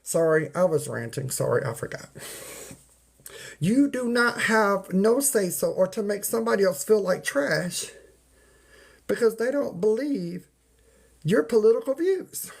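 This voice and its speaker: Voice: mid-range voice, lively intonation, a little slow, gravelly, long pauses. A livestreamer ranting to viewers in a folksy, preachy way, repeating points and greeting people in the chat by name. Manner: folksy, uses y'all and ain't. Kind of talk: casual live-stream rant to viewers.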